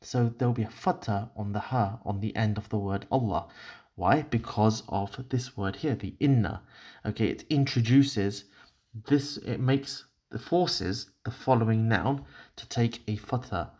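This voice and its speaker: Halting, low-voiced male grammar teacher. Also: a little mellow. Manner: halting, with many fillers and restarts, apologetic. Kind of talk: explaining grammar while writing on a board.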